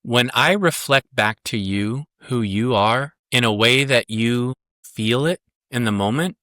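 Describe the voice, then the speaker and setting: A man's voice: medium pitch, unhurried, bright, forceful tone, no echo, clean studio sound. A man, a psychotherapist and parenting coach, speaking as a podcast guest in an earnest, emphatic way that repeats key points. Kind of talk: podcast interview.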